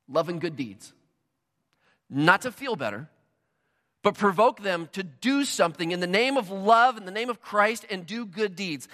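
A man with a high, bright voice preaching a sermon in a large church hall. He tells stories animatedly and acts out little bits of dialogue. His voice rings with long reverb from the hall. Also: expressive, moderate pace. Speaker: pastor.

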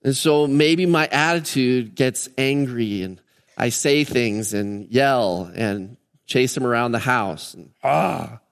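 A man's voice: medium pitch, takes it slowly, smooth. A man preaching a Sunday sermon as pastor, earnest and emphatic, hammering key words in threes. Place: church sanctuary during a service. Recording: long reverb of a church hall.

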